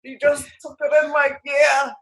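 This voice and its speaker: A woman chatting casually with friends, slow and expressive as she describes things. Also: high-pitched, raised voice. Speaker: guest, friend.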